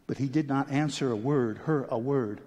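A man's voice: medium pitch, moderate pace. Man preaching in an echoing hall. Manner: animated, rising to urgent pleading. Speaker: pastor. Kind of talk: sermon.

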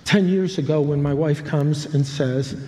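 Older male pastor, warm mellow tone, a bit high, rambling storyteller. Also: unhurried. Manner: rambling, self-interrupting with humorous asides. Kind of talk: sermon storytelling. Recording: long hall reverb.

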